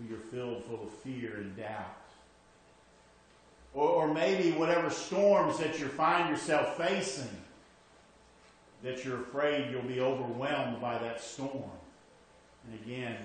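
A man preaching a conversational sermon as pastor, shifting from emphatic to hushed, with frequent restarts. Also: mid-range voice, heavy reverb, slight background noise, poor audio.

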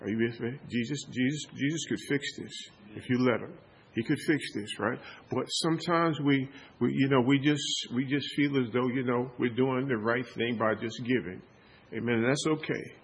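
A man's voice: medium pitch, moderate pace, husky. A pastor preaching a sermon with call-and-response, repeating and restarting his words as he builds up.

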